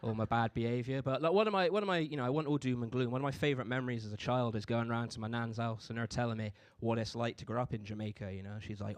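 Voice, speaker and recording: A man's voice: mid-range voice, fast talker, few pauses, no echo. A young man from doing a stand-up comedy set in a laid-back, conversational way. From Bristol, England. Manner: laid-back, conversational delivery with frequent "you know what I mean".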